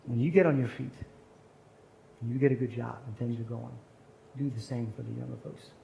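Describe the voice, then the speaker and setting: Gravelly-voiced man telling a story. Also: mid-range voice, fairly even intonation, fairly quick, mellow, a little hiss or hum, poor audio. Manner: storytelling, acts out quoted voices. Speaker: chapel speaker. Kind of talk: sermon story.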